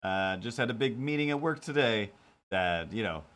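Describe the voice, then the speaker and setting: A man's voice: fairly low pitch, animated, moderate pace, a bit bright. A man hosting a casual live stream while drawing, talking in a rambling, self-deprecating way with lots of fillers. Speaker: live-stream host and cartoonist.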